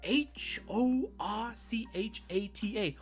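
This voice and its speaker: A man's voice: sits high, slow, faint music behind, pitched above the performer's own voice. A man doing his blunt, oblivious buddy. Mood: puzzled. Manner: flat, blunt, slightly off pronunciation. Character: blunt, socially oblivious young male friend.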